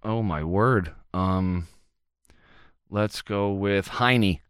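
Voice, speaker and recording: A man's voice: fairly low pitch, very slow, smooth, no echo, studio quality. A male show host in casual comedic banter, playful and teasing.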